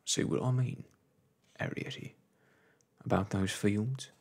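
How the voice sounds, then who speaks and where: A grave, steady little borrower father speaks gently in a rustic way in a soft-spoken ASMR storybook reading, as a man plays him. The voice is low, gravelly and husky, slow and lively in pitch. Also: heavily acted. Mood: grave, gentle.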